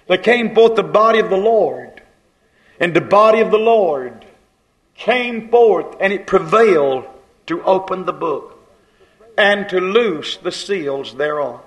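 High pitched guy preaching a sermon, gets loud then goes real quiet. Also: poor audio. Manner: fervent preaching, swells loud then drops hushed.

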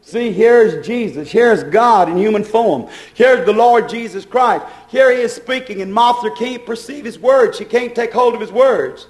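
A man's voice: sits high, measured pace, hardly any pauses, echoey room. A man preaching a sermon, pleading and asking repeated questions as he tells the story to his congregation.

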